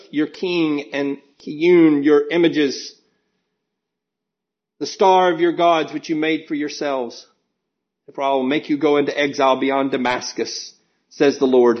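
A man's voice: fairly high pitch, highs cut off. A man preaching a sermon, earnest and emphatic, reading scripture aloud and pressing his points.

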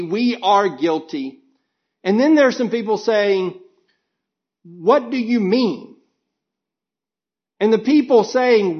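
Preacher guy giving an earnest sermon, bit high voice, muffled lo-fi sound. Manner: earnest, emphatic, reads scripture aloud.

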